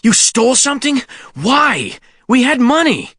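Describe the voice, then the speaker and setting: A man's voice: very high-pitched, sing-song, measured pace, bright, forceful tone, slightly rough, dry recording, clean studio sound, pitched above the performer's own voice, exaggerated voice. A man doing an exasperated teenage boy. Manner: exasperated, incredulous. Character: anxious teenage boy, the sensible one. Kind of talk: audiobook character voice.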